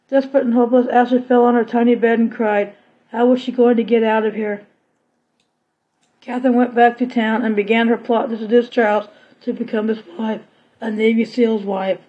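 A woman narrates a serialized story chapter in a plain reading manner, now and then restarting a phrase. Her voice sits a little high. The recording is dull and lo-fi. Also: flat delivery, moderate pace.

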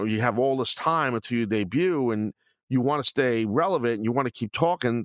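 A middle-aged man riffs bluntly on listener questions, swearing now and then and circling back through fillers and restarts. His voice sits at an ordinary pitch, recorded close and dry. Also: no echo. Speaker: podcast host answering listener questions. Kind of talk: casual opinion talk.

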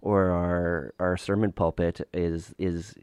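A middle-aged man hosting an interview, asking measured, thoughtful questions and reflecting. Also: deep voice, little pitch movement, a little mellow, clean tone, no echo, clean studio sound. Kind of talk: casual interview conversation.

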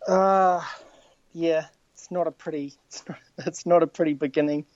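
A man with a New Zealand accent answers interview questions in a modest, slightly nervous way. His voice is mellow and dark. The remote audio sounds dull and lo-fi. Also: fairly high pitch, steady tone, normal speed, no echo. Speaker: podcast guest. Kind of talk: casual interview.

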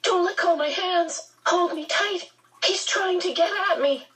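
A small, precocious boy talks in a high, strained voice, as a woman reader plays him. He pushes through his fear with bold, clipped lines. The sound is a touch breathy and set back from the mic. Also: steady tone, a little slow, recorded from a distance, exaggerated voice, rough recording. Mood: panicked. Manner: high, tense, urgent.

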